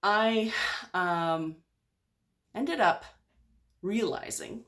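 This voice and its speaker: A woman's voice: mid-range voice, extremely slow, fairly bright tone. A woman speaking candidly in a personal video diary, open and rambling with lots of fillers. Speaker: vlogger.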